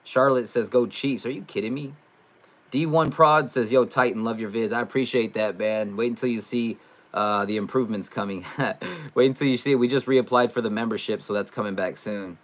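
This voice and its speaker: A young man from California hosting a casual live stream, reading out comments in a loose, chatty way that jumps into loud excitement. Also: medium pitch, a little fast. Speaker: live streamer, sports fan channel host.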